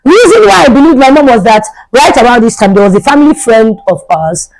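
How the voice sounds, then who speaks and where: A woman's voice: on the high side, animated, a little fast, darkish tone, rough recording. A young adult woman, a vlogger telling a storytime tale in a chatty way and repeating herself for emphasis. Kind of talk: storytime vlog.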